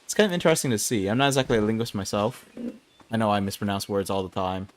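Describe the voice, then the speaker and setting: A man's voice: lowish voice, expressive, quick pace. A young man streaming an online game, rambling through casual commentary with self-mocking asides. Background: game music.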